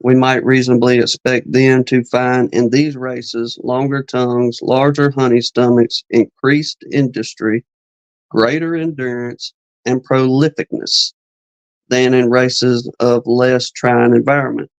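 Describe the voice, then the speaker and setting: Man reading aloud in a flat voice. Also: mid-range voice, clear, resonant tone, no room sound, dull audio. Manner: reads slowly, stumbles on words and adds asides. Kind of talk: reading a beekeeping text aloud on a live chat.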